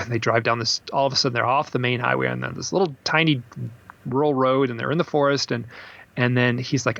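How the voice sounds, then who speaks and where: A man, an author, telling stories in a casual interview, animated and acting out the voices of the people in them. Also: medium pitch, fast talker, vocal fry. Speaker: author and podcast guest. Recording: slightly dull, dry recording.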